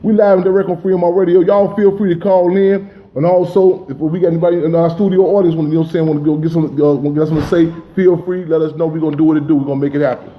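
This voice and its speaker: Man, radio host, impassioned political talk, rapid, lo-fi sound. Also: on the high side, flat delivery. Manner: impassioned, repeats "you know what I'm saying".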